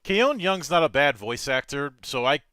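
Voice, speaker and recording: A man's voice: a little high, very animated, moderate pace, a crowd in the background. A man in a casual podcast chat, making digressive asides with many restarts.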